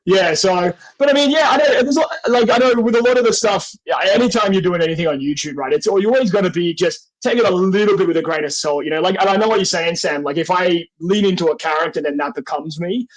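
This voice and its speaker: A man with a light Australian accent talks on a podcast in an easy, casual way. His voice sits high for a man, and he is goofy and quick to poke fun at himself. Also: rough recording. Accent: mild Australian. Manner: goofy, joking, self-deprecating. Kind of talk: casual chat.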